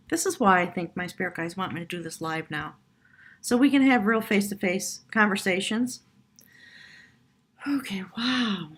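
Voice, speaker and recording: An excitable woman talks through a tarot reading in a casual, chatty way, quick to laugh and exclaim. At times she slows down to read passages aloud from a book. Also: medium pitch, slightly rough. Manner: reads aloud from a book slowly in parts. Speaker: tarot reader.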